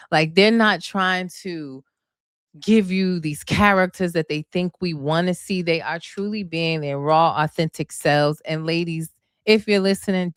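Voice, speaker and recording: Chatty woman doing a reality tv recap, low smooth voice, calls everyone y'all and honey. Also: no echo, clean studio sound. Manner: chatty, gushing, addresses viewers as y'all and honey. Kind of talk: casual chat.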